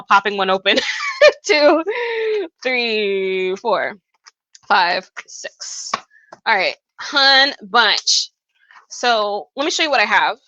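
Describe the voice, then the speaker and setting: A chatty woman with a bright, sharp voice hosts a live-stream tarot reading, calling her viewers "hun" as she talks through the cards. The sound is dry and close, with slightly dull, lo-fi phone audio. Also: medium pitch, dry recording. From Arkansas, US. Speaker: tarot reader hosting a live session.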